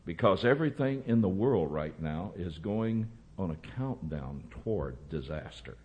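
A man preaching a sermon, emphatic and rising to loud bursts. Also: deep voice, animated, normal speed, dull audio.

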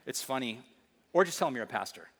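A middle-aged man preaching as a pastor, telling stories with emphasis and reading scripture slowly and deliberately. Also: medium pitch, expressive, gravelly, fairly bright tone, breathy edge, big-room sound. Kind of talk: sermon.

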